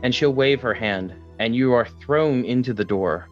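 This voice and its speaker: A man's voice: mid-range voice, normal speed, highs cut off, faint music behind. Man narrating as game master. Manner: steady descriptive narration.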